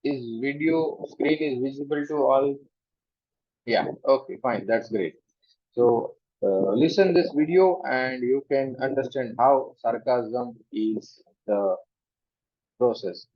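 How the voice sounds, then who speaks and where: A man lecturing as host of an online reading group, in a steady, explanatory manner at an ordinary middle pitch. The sound is dull and lo-fi, like online meeting audio, and dry with no room echo. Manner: measured, explanatory, often starting sentences with "so".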